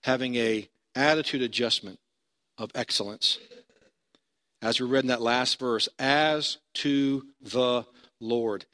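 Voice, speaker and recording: A man's voice: mid-range voice, a bit bright. A male pastor preaching a sermon in a conversational storytelling manner, building to emphatic points.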